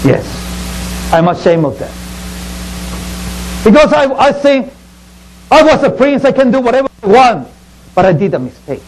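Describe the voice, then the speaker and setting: A man's voice: very high voice, big pitch swings, moderate pace, long pauses, slight background noise, poor audio. A man preaching to children as a pastor, telling a Bible story in the first person in simple, broken English and acting it out theatrically.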